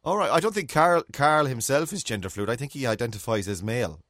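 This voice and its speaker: An Irish man with a Mayo lilt, chatting on a podcast at an everyday middle pitch. He tells stories in a lively, laughing way, full of sudden exclamations. The sound is close and dry. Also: fast talker, no room sound. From Mayo, Ireland. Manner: animated, laughing storyteller with exclamations. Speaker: podcast co-host. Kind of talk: casual chat.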